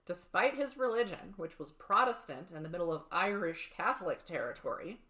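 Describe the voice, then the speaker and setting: A woman's voice: lowish voice, animated, a little fast, sharp tone. A woman co-hosting a true-crime podcast who chats casually, laughs often and swears. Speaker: podcast co-host.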